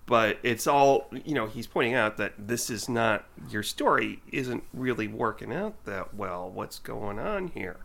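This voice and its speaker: Male podcast co-host, mid-pitch voice, casual recap of scenes. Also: expressive, unhurried, creaky, few pauses, a bit bright. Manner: recaps scenes, acting out the dialogue. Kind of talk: casual chat.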